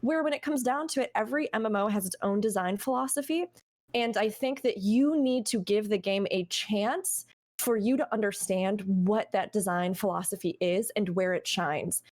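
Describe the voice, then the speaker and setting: A woman's voice: medium pitch, moderate pace, darkish tone. A young woman chatting on a gaming podcast in an earnest, talkative way. She gives advice and now and then acts out what a player might say. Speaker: podcast guest. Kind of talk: casual podcast chat.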